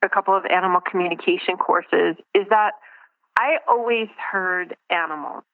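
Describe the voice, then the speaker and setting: A woman's voice: fairly low pitch, moderate pace, dry recording. Reflective woman on a tinny phone line. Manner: reflective, searching for words, many restarts. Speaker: guest. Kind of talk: casual interview over the phone.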